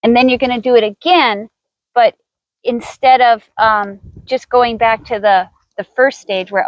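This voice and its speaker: A woman's voice: a little high, steady tone, measured pace, muffled recording. A woman horse trainer teaching outdoors in a riding arena, chatty and thinking aloud with restarts as she coaxes her horse.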